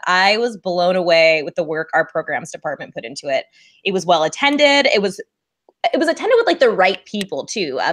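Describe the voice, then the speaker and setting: A woman guest on a chat show, talking in a light, friendly way and laughing easily. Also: fairly low pitch. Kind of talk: casual chat.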